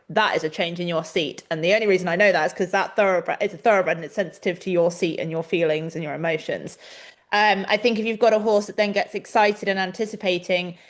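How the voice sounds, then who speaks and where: A young adult woman co-hosting a webinar, coaching riders in a chatty, animated way over a video call. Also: fairly low pitch. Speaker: riding coach and webinar co-host. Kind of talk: casual instructional chat.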